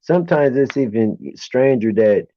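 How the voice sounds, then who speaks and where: A man's voice: medium pitch, animated, normal speed, dull audio. A man guesting on a casual live chat, laid-back and profane.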